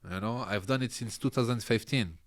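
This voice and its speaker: In a medium-pitched voice that runs a little fast, a male guest on a podcast shares stories in a casual, animated way, laughing a lot and breaking into character voices.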